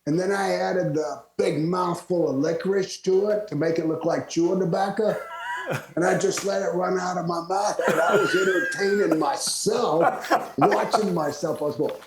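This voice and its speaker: An older man from Florida, a retired wrestler, telling lively stories as a guest and laughing often. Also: high-pitched, moderate pace, a little hiss or hum. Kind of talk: storytelling interview. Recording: roomy echo.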